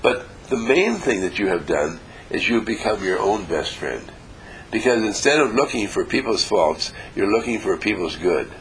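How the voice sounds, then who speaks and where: A man's voice: on the low side, expressive, moderate pace, fairly bright tone, slight background noise, rough recording. A man giving a motivational talk to a small group, emphatic and repetitive, often chuckling. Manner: acts out quoted voices, chuckles often. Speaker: inspirational speaker.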